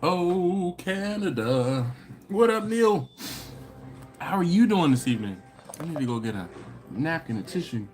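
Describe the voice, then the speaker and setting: A man's voice: on the high side, lively intonation, moderate pace, a little mellow, faint music behind. A man hosting a barbecue live stream, chatting casually and reading viewer comments aloud. He is laid-back and slangy, laughs often, and has a runny nose and a cough.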